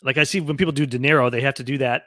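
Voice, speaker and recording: A man's voice: mid-range voice, fairly even intonation, rapid-fire, pushed and bright, no room sound, studio quality. A man co-hosting a radio show, chatting eagerly with his co-hosts. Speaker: radio co-host. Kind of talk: casual chat.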